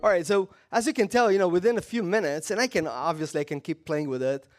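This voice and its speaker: A man presenting a live software demo at a conference, talking loosely with repeated phrases and restarts. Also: high-pitched, quick pace, faint music behind. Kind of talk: live product demo talk.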